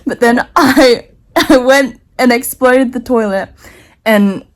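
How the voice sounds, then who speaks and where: A woman's voice: on the high side, takes it slowly. A young woman telling a rambling, embarrassing story to camera, often breaking into laughter and slang. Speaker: vlogger.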